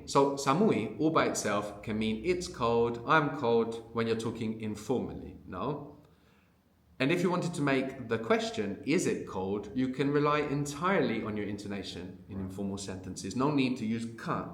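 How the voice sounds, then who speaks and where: A man leads a conversational language lesson, explaining step by step. His voice sits at a middle pitch and he checks in with a quick questioning tag. The room adds a noticeable echo. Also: lively intonation. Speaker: language teacher. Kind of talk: unscripted audio language lesson.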